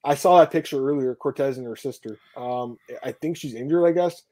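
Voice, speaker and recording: Fast-talking, cursing male podcast host. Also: mid-range voice, mellow, dry recording. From Canada. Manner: fast, profane, laughs a lot. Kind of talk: casual podcast chat.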